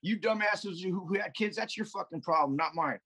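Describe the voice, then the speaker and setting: Husky guy rambling and swearing thru stories on a video call, kinda high voice. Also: a little fast, pushed and bright, rough recording. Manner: profane, rambling storyteller. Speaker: podcast guest. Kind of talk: casual chat.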